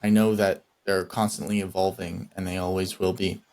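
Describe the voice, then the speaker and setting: A man co-hosting a podcast in casual chat, reflective and measured as he thinks aloud. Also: low-pitched, little pitch movement, a little mellow. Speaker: podcast co-host.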